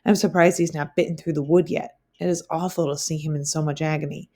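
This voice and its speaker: A woman teacher reading a novel aloud for her class, in a plain, steady way with occasional slips. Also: sits low, quick pace.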